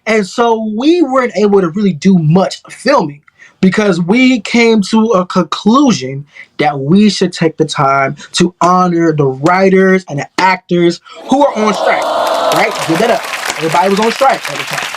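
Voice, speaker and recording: A man's voice: high voice, animated, moderate pace, some chatter behind, a little hiss or hum. A man hosting a talk show, giving an upbeat, chatty opening monologue straight to the audience. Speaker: talk show and radio host.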